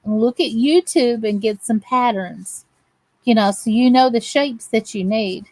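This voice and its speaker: A woman's voice: fairly high pitch, a little slow, a little mellow, no echo, low-quality recording. A woman hosting a crafting channel, chatting to viewers as she crochets and greeting them by name. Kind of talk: live crochet chat with viewers.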